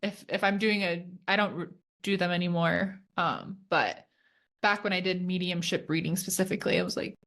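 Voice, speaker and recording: A woman co-hosting a podcast, telling stories in a lively, chatty way with lots of fillers. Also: lowish voice, moderate pace. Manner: animated storyteller, lots of fillers. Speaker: podcast co-host. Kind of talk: casual chat.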